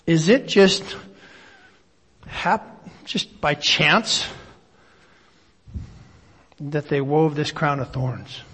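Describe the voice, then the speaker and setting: Male pastor, high voice, reflective sermon delivery, reverberant hall. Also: expressive, extremely slow, long pauses, a bit bright, husky. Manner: reflective, asks rhetorical questions; reads scripture aloud at length. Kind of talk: sermon with scripture reading.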